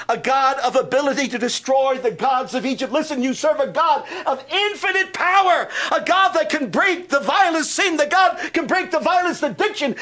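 A man preaching a sermon who swells into shouted, drawn-out proclamations and then sinks to a hushed appeal. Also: very high voice.

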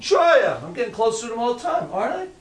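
A man's voice: very high voice, huge pitch swings, fast talker. A man preaching a sermon in church, emphatic and questioning his congregation.

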